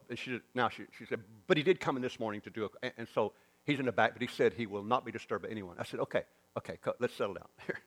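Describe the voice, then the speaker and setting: A man with a Southern US accent, a preacher telling a story in a sermon and acting out the dialogue. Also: medium pitch. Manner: animated storyteller, acts out quoted dialogue.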